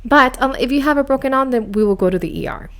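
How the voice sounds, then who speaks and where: Woman podcast host from Miami, higher pitch, animated and self-mocking casual storyteller. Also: fast talker, clean tone. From United States, grew up in Miami.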